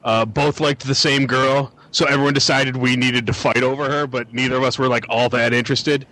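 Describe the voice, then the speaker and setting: A man's voice: medium pitch, steady tone, brisk, sharp tone, no echo, low-quality recording. Hesitant self-deprecating man. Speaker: podcast co-host. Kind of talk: casual storytelling chat.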